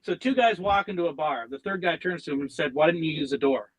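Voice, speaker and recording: A man speaking as a guest artist on a casual podcast, telling jokes and talking about his work in a relaxed way with some stumbles and restarts. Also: on the high side, fast talker, low-quality recording.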